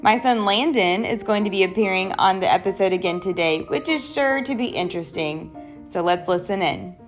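A woman's voice: mid-range voice, brisk, music in the background. A young adult woman hosting a podcast and talking in an earnest, personal, conversational way. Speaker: podcast host. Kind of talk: solo podcast talk.

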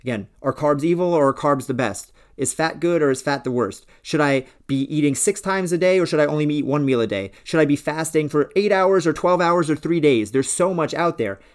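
A man's voice: fairly high pitch, expressive, brisk, hardly any pauses. A man hosting a solo podcast, speaking in an earnest, persuasive way about working with a coach. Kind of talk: solo motivational podcast talk.

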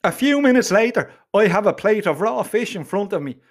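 A middle-aged man telling a comic story in a gruff, sweary, blunt way. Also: high voice, expressive, a little fast.

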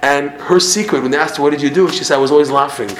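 Animated man teaching in an echoey room. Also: on the high side, very fast, slight background noise. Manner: animated, acts out examples, repeats himself. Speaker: Torah teacher. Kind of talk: Torah class. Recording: roomy echo with faint ambience.

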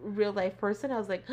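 A woman's voice: mid-range voice, highs cut off. A woman co-hosting a casual podcast, animatedly recapping a show and acting out the characters' lines, with plenty of swearing. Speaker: podcast co-host; teacher.

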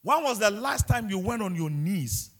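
A man's voice: sits high, big pitch swings, moderate pace, fairly bright tone. A man preaching a sermon with passion, repeating himself and asking the congregation rhetorical questions. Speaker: pastor.

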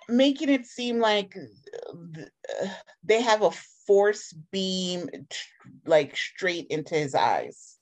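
A woman's voice: medium pitch, expressive, slow pace. A woman co-hosting a casual chat, blunt and sarcastic about a character she dislikes. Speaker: podcast co-host.

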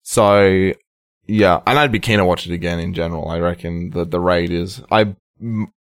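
A man's voice: low-pitched, fairly even intonation, moderate pace, no room sound, studio quality. A man co-hosting a casual film podcast, speaking thoughtfully with lots of ums and restarts. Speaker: podcast co-host.

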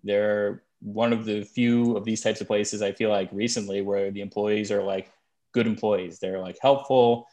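A man's voice: lowish voice, steady tone, moderate pace, mellow. A man co-hosting a podcast, chatting casually and telling rambling stories with frequent restarts. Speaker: podcast co-host.

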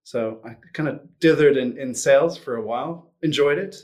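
A man's voice: medium pitch, normal speed, darkish tone. A man in his forties, raised between the US and Switzerland, talking casually as an interview guest, with many restarts and fillers. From Switzerland and US upbringing. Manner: hesitant, frequent restarts and fillers. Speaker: guest, sales executive.

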